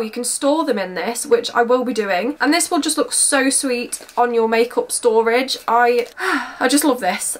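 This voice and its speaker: Young woman, beauty vlogger, bubbly and gushing, slightly high voice. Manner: gushing, bubbly, repeats how excited she is. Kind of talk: excited unboxing chat.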